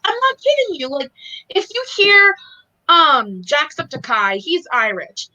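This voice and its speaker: A woman's voice: high-pitched, wildly swooping pitch, a little slow, sharp tone, highs cut off. A woman in casual chat, giggly and hesitant, often trailing off and restarting. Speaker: co-host.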